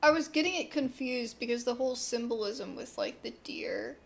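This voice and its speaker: A woman's voice: a little high, normal speed, a little hiss or hum. A woman streamer chatting casually and rambling while playing a game. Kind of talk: casual gameplay commentary.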